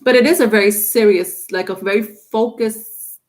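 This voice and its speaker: A woman's voice: fairly high pitch, normal speed. A woman giving a live-streamed tarot reading, rambling with many fillers and restarts. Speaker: tarot reader.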